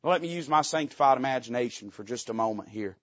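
A man preaching a sermon, folksy and joking, with loud emphatic rises. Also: medium pitch, lively intonation, fast talker, dry recording, lo-fi sound.

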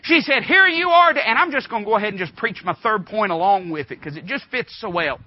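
A man preaching a sermon, telling folksy stories and building up to loud, fervent preaching. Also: high-pitched, animated, fast talker, lo-fi sound.

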